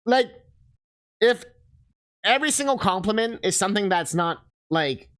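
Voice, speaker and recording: A man's voice: sits high, expressive, moderate pace, fairly bright tone. A male livestreamer chatting casually while playing a game, rambling with lots of fillers and swearing freely. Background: game music.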